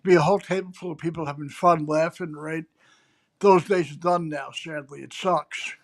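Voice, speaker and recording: A middle-aged man from the New York area talks in a notably high voice for a man. He chats eagerly and keeps pulling the listener in with "right?" after nearly every point. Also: fairly even intonation, moderate pace. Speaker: co-host. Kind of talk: casual chat.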